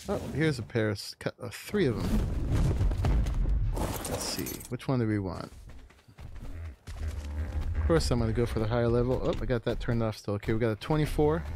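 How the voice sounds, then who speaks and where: A man's voice: mid-range voice, a little hiss or hum. A man streaming a video game, chatting casually and rambling with frequent chuckles as he plays. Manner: relaxed, rambling, chuckles often. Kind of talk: casual live-stream commentary.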